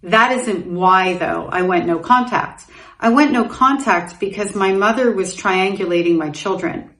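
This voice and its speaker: A middle-aged woman hosting a podcast, telling her personal story candidly and growing animated, with laughs through painful memories. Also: mid-range voice, unhurried. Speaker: podcast host. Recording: roomy echoing room.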